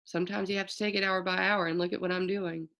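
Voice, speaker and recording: A woman's voice: lowish voice, little pitch movement, fast, fairly bright tone. A woman astrologer giving a loose, chatty forecast, often stopping to correct herself and tossing in slang. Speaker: astrologer host.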